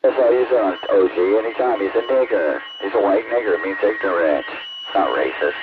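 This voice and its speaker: A man's voice: deep voice, a little fast. A man in a heated on-air argument, hurling profane insults at the other speaker. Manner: insulting, profane, slurs his opponents. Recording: narrow phone-like radio transmission.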